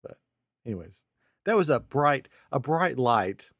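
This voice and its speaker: A man's voice: medium pitch, big pitch swings, measured pace, no room sound, studio quality. A man co-hosting a casual geek podcast, playful and enthusiastic as he tells stories. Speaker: podcast co-host. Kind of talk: casual chat.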